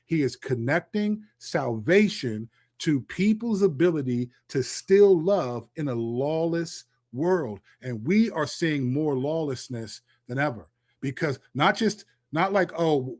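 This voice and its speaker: A man's voice: on the high side, expressive, a little slow, a little mellow. A middle-aged man giving an impassioned solo Christian commentary, preachy and emphatic, reading scripture aloud and often restarting his sentences.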